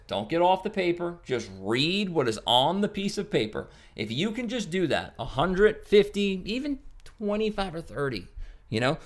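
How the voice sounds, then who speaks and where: A man's voice: mid-range voice, a bit bright. A man teaching a sales lesson, talking emphatically, repeating key points and checking in with "okay?" and "right?". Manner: emphatic, repetitive coaching with frequent "okay?" and "right?". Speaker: sales trainer. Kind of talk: recorded sales training lesson.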